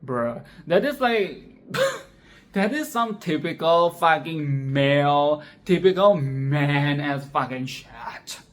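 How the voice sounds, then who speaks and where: Profane, expressive woman reviewing a film. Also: sits low, takes it slowly. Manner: expressive, profane, repeats phrases for emphasis. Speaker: film commentator. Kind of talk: casual film commentary.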